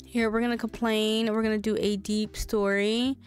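A woman's voice: a little high, little pitch movement, normal speed, faint music behind. A young woman hosting a life sim let's play, chatting casually and swearing while she narrates. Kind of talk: casual game commentary.

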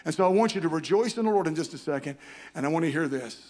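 A man's voice: a little high, animated, fast talker, darkish tone. A man preaching a fervent sermon at a church conference, with folksy homespun sayings.

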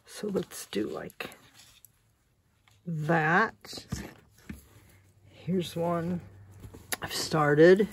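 A woman's voice: on the low side, steady tone, extremely slow, long pauses, a little hiss or hum. A woman vlogger talking casually as she sews, muttering and joking at herself. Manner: muttering and self-mocking while sewing. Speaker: crafting vlogger. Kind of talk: casual crafting chat.

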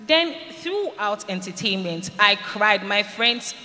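A woman's voice: medium pitch, animated, slow pace, pushed and bright. A woman from Ghana, giving an earnest personal testimony to students and acting out what people said. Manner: earnest storytelling, acts out quoted lines. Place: large hall at a school event. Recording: reverberant hall, faint noise.

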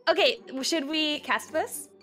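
A woman developer chatting casually on a live stream, upbeat and quick, laughing often. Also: high voice, pushed and bright, soft background music.

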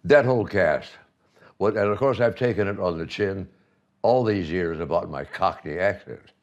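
A man's voice: low voice, moderate pace, lo-fi sound. An older man telling playful stories in a casual conversation, laughing often as he talks. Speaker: honoree in conversation. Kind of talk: casual reminiscing chat.

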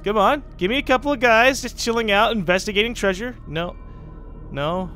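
A young man casually commenting on his gameplay as a let's play host, chatty and sarcastic with excitable outbursts. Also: sits high, normal speed, faint music behind.

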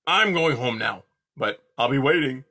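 A man's voice: mid-range voice, expressive, normal speed, sharp tone. Man doing a grumpy porcupine. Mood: irritated. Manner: grunting, peevish, starts with a hum. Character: grumpy greedy male porcupine.

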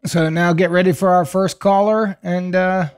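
A man's voice: high-pitched, steady tone, moderate pace, smooth. Man from chicago, podcast host, joking, casual, laughs a lot. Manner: laughing, playful, loose. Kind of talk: casual comedic chat.

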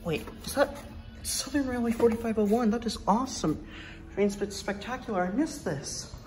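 A woman's voice: fairly high pitch, moderate pace. Gushing young woman vlogger. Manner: rambling and enthusiastic, many fillers; drops to a hush at times. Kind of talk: excited vlog commentary. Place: indoor train museum.

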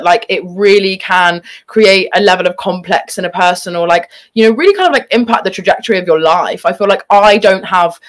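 A British woman in her twenties talks as an interview guest in an easy, conversational way. Her pitch sits in a middle range, and she scatters "like" through nearly every sentence. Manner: chatty, fills speech with "like". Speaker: guest, former child actress. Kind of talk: casual interview chat.

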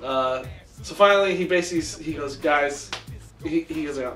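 A man co-hosting a casual chat, telling a story with lively acted-out quotes. His voice sits a bit high and comes from some distance off the mic. The room rings with echo, and faint music plays behind. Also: moderate pace. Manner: animated storyteller, acts out quotes. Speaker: podcast co-host.

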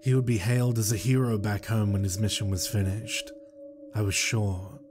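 A man narrating a horror story in a slow, measured, somber way. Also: fairly low pitch, flat delivery, darkish tone, faint music behind.

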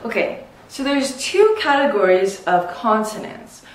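A woman teaching English pronunciation, saying each example word slowly and clearly. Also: fairly high pitch, sing-song, a little hiss or hum. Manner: slow, clearly articulated teaching. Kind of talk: pronunciation lesson. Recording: echoey room, distant mic.

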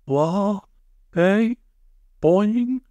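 A man's voice: high-pitched, lively intonation, extremely slow, dark tone, no echo, voice pushed up, heavily acted. A man voicing a confused, weak woman who gabbles in bewilderment. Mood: dazed. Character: dazed middle-aged woman, confused and weak.

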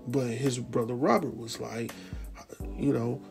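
Gravelly man recapping a TV episode. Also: mid-range voice, measured pace, soft background music. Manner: animated, slangy, talks to viewers directly. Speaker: TV recap host. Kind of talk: casual spoken recap.

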